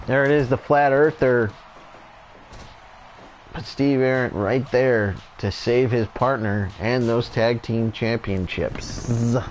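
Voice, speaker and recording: A man doing relaxed, chatty play-by-play commentary over a wrestling video game, going off on tangents now and then. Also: mid-range voice, takes it slowly, slight background noise.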